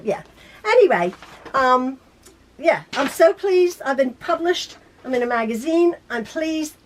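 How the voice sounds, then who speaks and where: A middle-aged woman in back pain, chatting casually to her quilting viewers in a rambling way with many restarts. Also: high-pitched. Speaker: quilting YouTuber. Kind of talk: casual chat to camera. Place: home sewing room.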